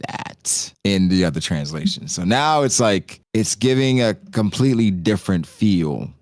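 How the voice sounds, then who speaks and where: A man hosting a casual discussion podcast, talking in a relaxed way with lots of "like" and "you know". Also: on the low side, unhurried, no echo, clean studio sound. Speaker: host.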